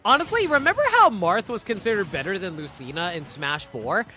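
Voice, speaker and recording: High, bright-voiced male esports commentator. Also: sing-song, a little fast, soft background music. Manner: joking, laughs often, corrects himself mid-sentence. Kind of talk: casual play-by-play commentary.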